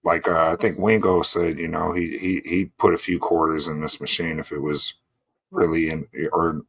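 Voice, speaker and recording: A man's voice: a bass voice, level tone, moderate pace, creaky, a bit bright, slightly rough, no room sound. A man co-hosting a casual show, talking in a laid-back way full of "bro" and "you know". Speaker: podcast co-host. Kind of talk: casual chat.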